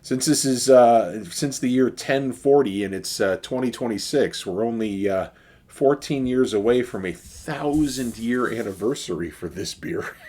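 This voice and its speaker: A man's voice: medium pitch, unhurried. Chatty middle-aged man with a Chicago accent. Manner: relaxed and chatty, with fillers and sighs. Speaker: beer reviewer. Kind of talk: casual beer review vlog.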